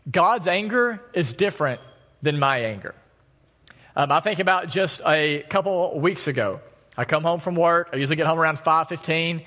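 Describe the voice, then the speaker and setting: In a church sanctuary with long, ringing reverb, a thirty-something pastor gives his sermon. His voice sits on the high side with a fairly bright tone, and he keeps it conversational, spinning stories with humor at his own expense.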